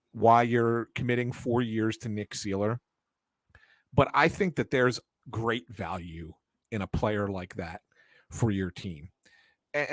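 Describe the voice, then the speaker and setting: A man co-hosting a sports podcast in an ordinary mid-range voice. He talks in an analytical way, thinking out loud as he builds his points. The sound is dry and close, with no room echo. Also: mid-range voice. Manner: analytical, explains at length with many fillers and restarts. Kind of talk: casual sports talk show.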